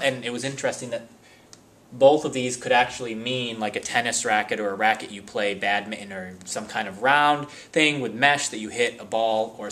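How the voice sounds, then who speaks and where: A man teaching a spelling lesson, reading word lists slowly and sounding out each word with care. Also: mid-range voice, a bit bright. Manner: slow, deliberate word-by-word enunciation.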